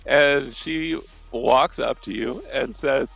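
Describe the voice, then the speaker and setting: A man's voice: medium pitch, slow, creaky, hardly any pauses, fairly bright tone, soft background music, poor audio. A man acting as game master, narrating a tabletop role-playing scene loosely, with frequent restarts.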